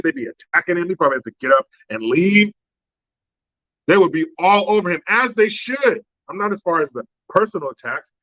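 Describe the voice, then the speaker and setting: A man's voice: on the high side, sharp tone, dry recording. A man hosting a profane, sarcastic political commentary monologue. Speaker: host. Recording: dry, slightly dull lo-fi sound.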